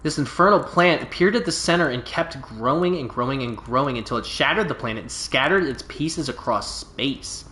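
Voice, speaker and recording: A man's voice: medium pitch, lively intonation, normal speed, few pauses, pushed and bright, slight background noise. A man voicing a boastful, laid-back stranded alien pilot from a video game, telling his tale in a folksy, drawling way. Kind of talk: reading game dialogue aloud. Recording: roomy echo.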